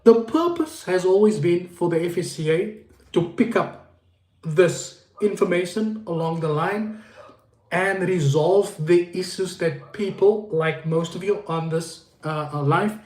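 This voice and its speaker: A man's voice: sits high, a little slow, darkish tone. A man hosting a casual livestream, greeting viewers by name and repeating himself as he rambles. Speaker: livestream host. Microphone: phone. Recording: echoey room.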